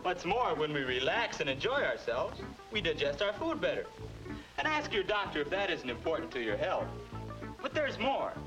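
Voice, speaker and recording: A man's voice: a little high, big pitch swings, moderate pace, rough recording. A young man playing a boy's earnest grown-up self in an old educational film, talking in an instructive way. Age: young adult. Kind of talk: 1950s educational film acting. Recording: old film soundtrack with music.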